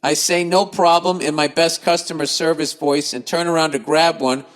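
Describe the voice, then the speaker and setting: A man on a podcast reads out listener mail and then tears into it, cursing freely and sounding exasperated and sarcastic. His voice sits a little high for a man. A long reverb trails behind his words. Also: steady tone, normal speed, a bit bright. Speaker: podcast host. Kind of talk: reading listener emails and ranting comedically.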